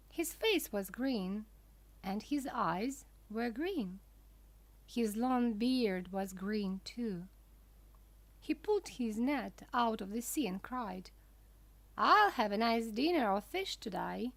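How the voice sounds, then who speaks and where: A woman narrating a children's storybook for language learners in a careful, deliberate way. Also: fairly high pitch, dry recording.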